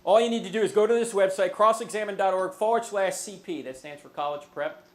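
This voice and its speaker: High-voiced man giving a joking lecture. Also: quick pace. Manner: humorous, asks the audience questions. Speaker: guest speaker. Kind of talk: lively apologetics lecture to a live audience.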